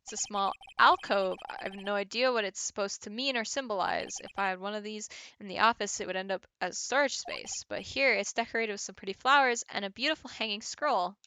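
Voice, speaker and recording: A woman's voice: mid-range voice, expressive, a little fast, few pauses, bright, forceful tone, clean tone, no room sound. A woman streaming a game from home, chatting casually with viewers and reading game text aloud with little laughs.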